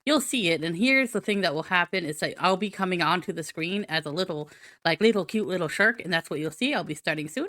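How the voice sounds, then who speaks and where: A woman's voice: lowish voice, expressive, fast talker, sharp tone, dry recording. A young woman streaming live, chatting playfully and goofily to her viewers with sing-song repetition. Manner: chats directly to viewers in chat. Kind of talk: casual live-stream chat. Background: faint background music.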